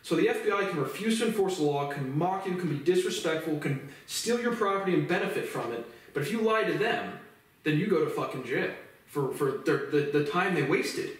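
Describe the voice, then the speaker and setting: A young man in his twenties with a fairly high voice, ranting in a loud, profane, heated way and tripping over repeated words. He stands well back from the microphone in a room with heavy echo. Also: expressive, fast. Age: 20s. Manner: profane, heated, repetitive restarts. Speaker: vlogger. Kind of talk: angry monologue rant. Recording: very echoey room, voice far from mic.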